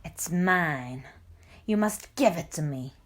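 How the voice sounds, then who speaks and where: A woman voicing a greedy, menacing male tiger in a storybook, speaking slowly and demandingly. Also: low voice, lively intonation, pitched below the performer's own voice. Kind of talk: storybook reading.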